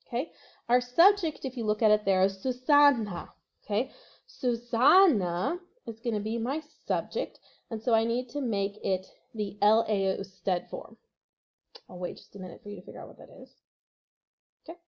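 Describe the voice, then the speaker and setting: A woman teaching a recorded language lesson, patiently walking through exercises and spelling out words letter by letter. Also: medium pitch. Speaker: Spanish teacher. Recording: dull lo-fi recording.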